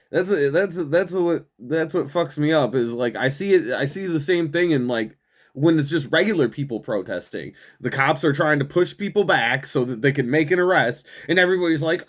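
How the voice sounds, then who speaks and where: A man's voice: fairly high pitch, animated, normal speed. A young man hosting a show, ranting profanely through political commentary with frequent laughs and mockery. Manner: profane, laughs often, mocking. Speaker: show host.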